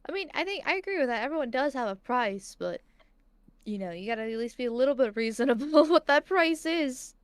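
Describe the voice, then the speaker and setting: A woman streamer chatting casually on a live stream, self-deprecating and halting, with frequent giggles. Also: sits high, lively intonation, smooth, dry recording. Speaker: streaming guest.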